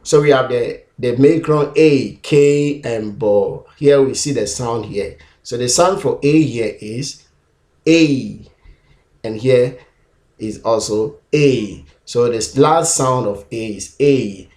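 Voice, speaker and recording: A man's voice: medium pitch, takes it slowly, darkish tone, echoey room. A man teaching an English pronunciation lesson, sounding out and repeating each sound several times on his own camera. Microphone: self-recorded camera.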